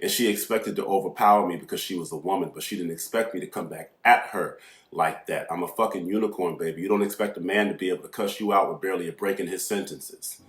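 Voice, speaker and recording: A man hosting an astrology channel, telling a story in a brash, profane, animated way that swings into loud outbursts. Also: sits low, fast. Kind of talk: casual storytelling monologue. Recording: echoey room with faint music behind.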